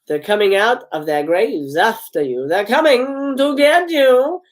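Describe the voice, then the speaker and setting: A man's voice: high voice, expressive, moderate pace. A man doing a mocking young brother. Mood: teasing. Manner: mocking, playfully ominous. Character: cocky young man teasing his sister. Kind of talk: live script read-aloud.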